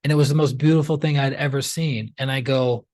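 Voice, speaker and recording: A man, a healer, telling his story as an interview guest in a chatty, animated way, often using "like" and acting out what others said. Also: mid-range voice, a little fast, no echo. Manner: chatty and animated, acts out quoted dialogue, many "like" fillers. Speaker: pranic healer, podcast guest.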